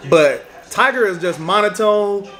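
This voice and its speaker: A man's voice: high voice, expressive, a little slow, a bit bright. A man co-hosting a podcast, talking bluntly about music with slang and teasing retorts. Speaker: podcast co-host. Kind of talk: casual music debate.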